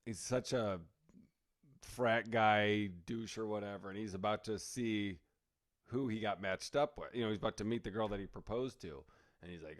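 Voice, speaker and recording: A man's voice: fairly low pitch, normal speed. A man co-hosting a podcast, a comedian telling stories in casual chat and acting out the people he quotes. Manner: animated storyteller, acts out quotes.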